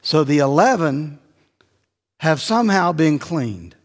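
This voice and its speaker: A middle-aged man preaching an expository sermon in a relaxed, conversational teaching manner. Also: fairly high pitch, slow pace, in a large hall. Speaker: pastor.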